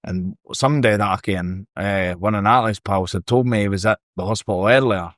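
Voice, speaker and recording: A Scottish man spins a lively, sweary yarn in a casual podcast chat. His voice sits fairly low. The sound is dry and close, with no room echo. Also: fairly quick. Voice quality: sweary, animated storyteller. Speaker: podcast guest. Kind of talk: casual storytelling.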